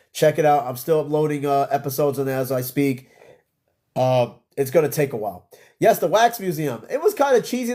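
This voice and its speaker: A man's voice: fairly high pitch, warm tone. Tired new york guy with an old-school accent, ranting casually on a live stream, cursing a lot. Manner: profane, rambling, answers viewer comments. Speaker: podcast host.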